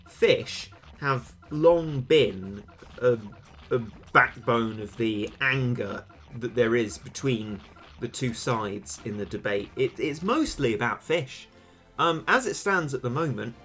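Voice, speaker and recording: A man chatting casually with stream viewers, wry and rambling, with dry self-mocking humour, close on a desk microphone. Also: medium pitch. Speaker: game streamer. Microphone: failing desk microphone tilted toward him. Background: faint game sound.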